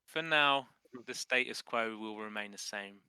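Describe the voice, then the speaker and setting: A man's voice: lowish voice, a little slow, pushed and bright, clear, resonant tone, dry recording. A man with an English accent running a tabletop game as dungeon master, stammering through restarts and chuckling as he narrates.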